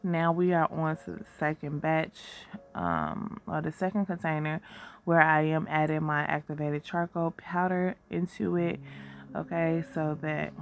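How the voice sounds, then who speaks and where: A woman's voice: low voice, a little slow. A woman with a scratchy voice, getting over a cold, chatting casually as she demonstrates soap making and calls viewers y'all. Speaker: soap maker and shop owner. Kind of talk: casual how-to narration. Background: background music.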